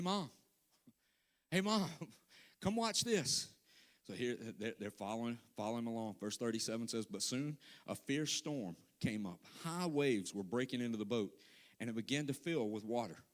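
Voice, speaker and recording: High-voiced man preaching a lively sermon. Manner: emphatic, repeats phrases for stress; conversational, talks straight to the congregation. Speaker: guest speaker.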